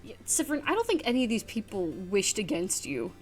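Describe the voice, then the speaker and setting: Lively, expressive woman streamer. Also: medium pitch, fairly quick, faint music behind. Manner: expressive, swears freely, bursts of laughter. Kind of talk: casual let's-play commentary and reading game dialogue aloud.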